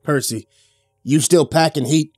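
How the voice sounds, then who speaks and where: A man voicing a gruff, short-tempered old backwoods man who snarls and curses, in a spoken horror story. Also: on the high side, unhurried, a little mellow, dry recording, faint music behind, voice pushed up.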